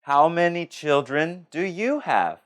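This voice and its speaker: A speaker reading slow, scripted lines from an English practice dialogue. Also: mid-range voice, sing-song.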